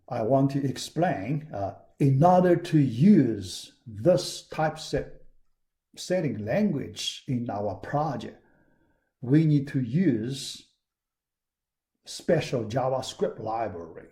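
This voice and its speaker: A man giving a recorded university lecture, talking in a halting way with frequent fillers and restarts. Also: mid-range voice, expressive, warm tone.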